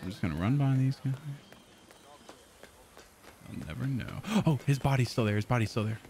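A young man casually commenting on his gameplay as a streamer, excitable and swearing often. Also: medium pitch, moderate pace, slight background noise.

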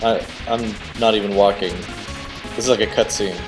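A man giving casual, excitable commentary while playing a video game, cheering on the character and guessing at the boss's moves. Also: on the low side, moderate pace, music in the background. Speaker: let's play host.

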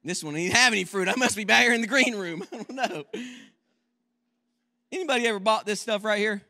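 A man preaches from a church pulpit in a very high, ringing voice. His delivery is fervent and rises into shouts. He also slips into quick, quiet joking asides. The tone stays bright and cutting throughout. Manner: impassioned preaching that swells into shouts. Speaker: guest preacher. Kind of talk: sermon.

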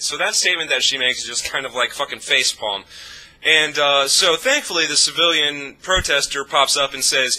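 A man's voice: mid-range voice, a little fast, sharp tone, poor audio. A man vlogging a profane, scornful rant of political commentary. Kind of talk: ranting commentary.

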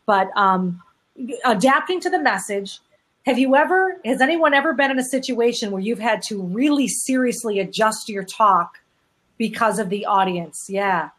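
A woman's voice: on the high side, expressive, moderate pace. A woman hosting a panel discussion, talking in an encouraging and reflective way. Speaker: host.

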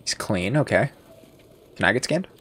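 A man's voice: on the low side, animated, normal speed, a bit bright, slight background noise. A young man doing playful, jokey let's play commentary as a gaming streamer.

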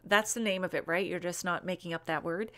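A woman hosting a live online wine show, chatting casually, reading out viewer comments and gushing over wines with lots of "um"s and quick asides. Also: fairly low pitch, fairly even intonation, sharp tone. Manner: gushing over wines, rattling off names and tasting notes.

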